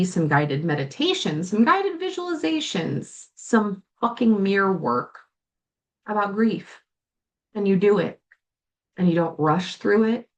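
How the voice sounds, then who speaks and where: A woman hosting a coaching podcast talks straight to her listener in a slightly low voice. She is blunt and profane and swears freely, and now and then she sounds close to tears. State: tearful at times. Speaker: life coach and podcast host. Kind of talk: solo podcast monologue.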